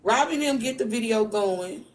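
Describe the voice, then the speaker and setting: A woman podcast host casually retelling events in an emphatic, animated way, full of slang. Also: fairly high pitch, normal speed. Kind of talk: casual storytelling recap.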